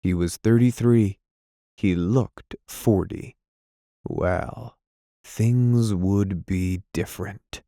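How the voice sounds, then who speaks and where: A man narrating a classic novel in a measured, deliberate reading. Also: lowish voice, dark tone, no echo, studio quality. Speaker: audiobook narrator. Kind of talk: scripted narration.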